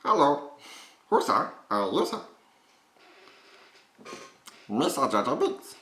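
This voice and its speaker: A man voicing a clumsy, goofy male alien creature with a high, silly, nasal voice. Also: very animated, takes it slowly, sharp tone, exaggerated voice. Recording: roomy echo.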